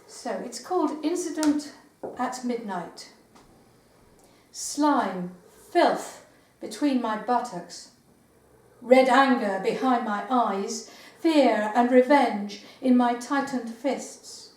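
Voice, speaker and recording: An older woman poet giving a live poetry reading in a meeting house, with measured recitation and hesitant spoken asides. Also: a little high, darkish tone. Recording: roomy live recording from far off.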